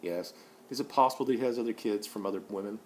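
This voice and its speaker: A man in his forties vlogging an opinion monologue, blunt and profane, rambling with many restarts, and rising loud and high when he gets worked up. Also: fast, a little hiss or hum. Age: 40s.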